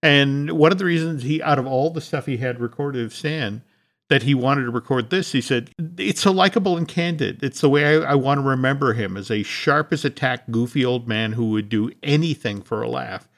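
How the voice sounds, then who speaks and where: A man's voice: medium pitch, a little fast, fairly bright tone. A man hosting a podcast, chatting casually and reading a sponsor message. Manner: conversational, reads sponsor copy. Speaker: podcast host. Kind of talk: casual chat with ad reads.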